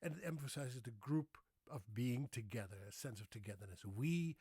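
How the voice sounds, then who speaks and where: A man's voice: medium pitch, fairly quick, husky, no echo, studio quality. A man with a Dutch accent, hosting a casual explainer, telling stories and acting out quoted dialogue. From Netherlands. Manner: storytelling, acting out quoted dialogue with lively shifts. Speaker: English-language video host. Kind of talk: anecdotal explainer monologue.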